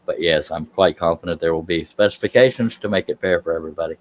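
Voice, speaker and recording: A man chatting casually on a live stream while doing scroll saw work in a workshop, relaxed and self-deprecating, with a low, soothing voice. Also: fast.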